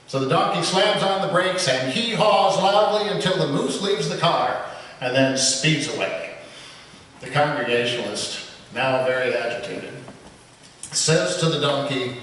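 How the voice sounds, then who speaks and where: A guest preacher from Michigan, joking his way into a sermon with a slightly high voice. He sounds far from the mic in a church sanctuary with a long echo and faint room noise. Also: unhurried, fairly bright tone. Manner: joking, storytelling. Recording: echoey hall, distant mic.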